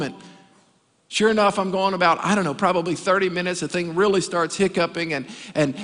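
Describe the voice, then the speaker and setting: A pastor man preaches with a high, bright, lively voice and tells stories with humorous asides. His voice rings with the long reverb of a big church hall. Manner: animated storytelling with comic asides. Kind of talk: sermon. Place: church sanctuary.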